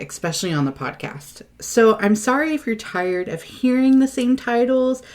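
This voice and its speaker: A woman co-hosting a library podcast in casual chat, gushing and emotional, jumping between quick bursts and drawn-out words. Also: medium pitch. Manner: gushing, talks fast then drawls, emotional. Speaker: podcast co-host, library staff.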